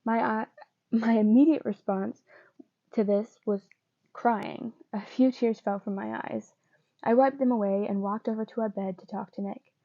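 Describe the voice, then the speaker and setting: A woman reading fanfiction aloud in an earnest first-person voice, with pauses and small slips. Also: fairly high pitch, steady tone, no room sound, muffled recording. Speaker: fanfiction reader.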